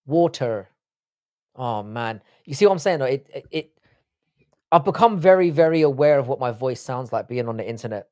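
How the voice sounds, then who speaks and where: A brisk, expressive man with a mellow, medium-pitched voice and a London accent is hosting a live stream. Hailing from England, he chats and jokes profanely with his viewers in a casual way.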